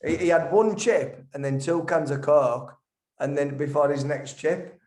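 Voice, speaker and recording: A man with a Yorkshire accent tells a story in an animated, rambling way, stumbling and repeating himself. His voice sits a little high. The echoey room gives his voice some ring. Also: unhurried. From Yorkshire, England. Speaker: musician guest. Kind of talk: casual storytelling.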